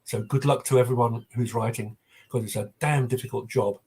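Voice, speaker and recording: Older man, husky; chatty guest storyteller. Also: mid-range voice, fairly even intonation, fairly quick, darkish tone. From South London. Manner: anecdotal, hesitant with many ums. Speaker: literary agent guest. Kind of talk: casual interview chat.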